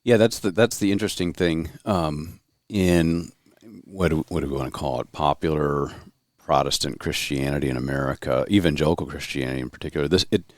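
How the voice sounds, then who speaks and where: Very deep-voiced man thinking aloud. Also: a little fast, no echo, studio quality. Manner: thoughtful, searching for words. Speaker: podcast co-host. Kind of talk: casual discussion.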